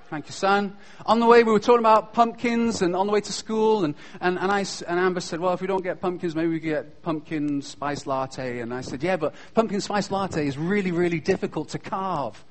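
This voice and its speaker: A man with a British accent giving a humorous, self-deprecating chapel talk to school students. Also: high voice. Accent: British English. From Britain. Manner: joking, self-deprecating, lively storyteller.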